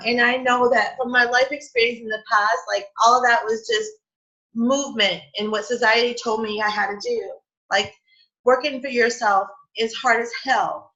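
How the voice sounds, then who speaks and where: Emotional woman with a bright, lo-fi voice. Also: on the high side, unhurried. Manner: emotional, laughs and near tears, many "like" fillers. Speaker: host of a spiritual coffee chat. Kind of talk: casual heartfelt talk to a live group. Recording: dull lo-fi stream audio.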